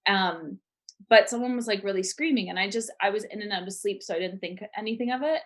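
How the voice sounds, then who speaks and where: A young woman co-hosting a podcast, telling stories in a rambling, animated way with many "like"s. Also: mid-range voice, quick pace. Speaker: podcast co-host. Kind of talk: casual storytelling chat.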